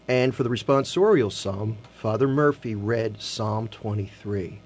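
Earnest man hosting Catholic radio. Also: mid-range voice. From Philadelphia. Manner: earnest, slows down to read scripture softly. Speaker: radio host. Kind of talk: Catholic radio talk and scripture reading. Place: radio studio.

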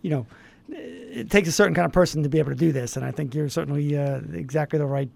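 A male interviewer with a slightly raised pitch and a gravelly, fry-laden voice. He talks in a halting, thoughtful way, stopping and restarting as he reflects. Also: darkish tone. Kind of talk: interview conversation.

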